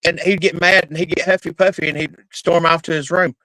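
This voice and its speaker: A middle-aged woman telling stories in casual chat, animated and laughing, with plenty of cursing. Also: lowish voice, a little fast, dry recording, poor audio. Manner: animated, laughing, profane storyteller.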